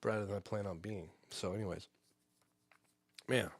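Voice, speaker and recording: A man hosting a comedy podcast live stream from home, telling a rambling, profane story in a casual, animated way. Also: fairly low pitch, moderate pace, breathy edge, dry recording. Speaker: podcast host.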